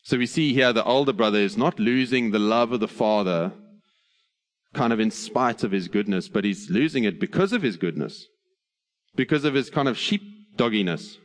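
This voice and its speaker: A man preaching an earnest sermon, slowing on key phrases and adding light humor. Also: on the low side, animated. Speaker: pastor.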